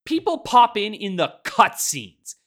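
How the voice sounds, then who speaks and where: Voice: medium pitch, big pitch swings, measured pace, fairly bright tone. A podcast co-host in casual chat, ranting with heavy profanity and laughing often while talking.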